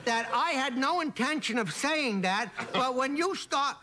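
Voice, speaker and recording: Older male comic guest, slangy storyteller, bright tone with a bouncy, wide-ranging delivery. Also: very high-pitched, animated, a little slow, a little hiss or hum. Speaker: talk show guest. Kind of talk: casual chat with joke telling.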